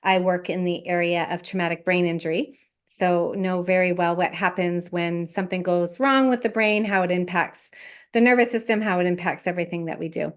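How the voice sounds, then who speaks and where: A woman guest on a podcast, a life coach explaining her work in a measured, step-by-step way. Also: lowish voice. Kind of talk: explanatory interview talk.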